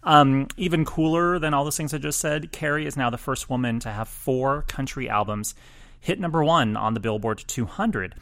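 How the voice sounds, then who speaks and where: Man, podcast co-host; chatty chart talk, self-deprecating, quick asides. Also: medium pitch, fairly bright tone. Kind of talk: casual chart chat.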